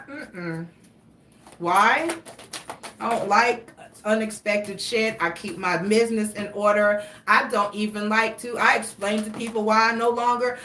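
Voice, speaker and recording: A woman's voice: a little high, bright, forceful tone, a little hiss or hum. A young woman giving a casual tarot reading, talking in a rambling, profane, chatty way. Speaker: tarot reader. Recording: roomy echo, distant from mic.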